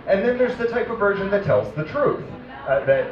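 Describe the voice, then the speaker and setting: A young man telling a rambling, animated stand-up story at a comedy show. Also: high-pitched, moderate pace, dull audio, noisy background. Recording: roomy live venue, distant mic, crowd.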